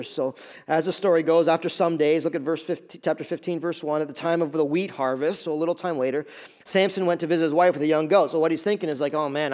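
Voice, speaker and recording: A male pastor preaching a sermon, retelling a story in a lively, joking way and acting out the characters' lines. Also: fairly high pitch. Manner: lively storytelling, acts out voices.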